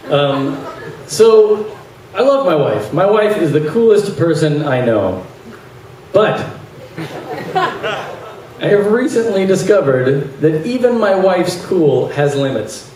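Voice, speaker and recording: A man doing a stand-up comedy set, delivering dry one-liners and acting out voices in animated bursts. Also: high voice, takes it slowly. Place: large venue with audience laughter. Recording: echoey live hall, distant mic, noisy.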